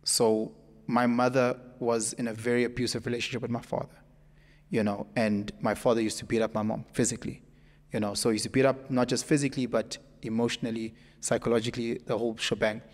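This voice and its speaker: A man with a South African accent, speaking as a podcast guest in an emphatic, animated storytelling way. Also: mid-range voice, fast talker. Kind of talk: casual conversation. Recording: echoey room with long reverb.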